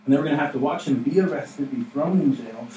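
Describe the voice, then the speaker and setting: A man's voice: mid-range voice, fast, warm tone. Guy preaching a sermon in a church, chatty, keeps saying right, echoey room, mic kinda far off, faint hiss. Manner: conversational, asks "right?" often, acts out quotes. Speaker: pastor. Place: church sanctuary.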